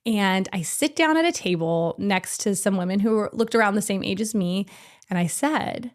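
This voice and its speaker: A woman in her thirties chats as a podcast guest. Her voice sits at a medium pitch, and she tells her story in an animated way. She laughs easily and shifts her voice to act out the people she quotes. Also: normal speed. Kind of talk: casual storytelling.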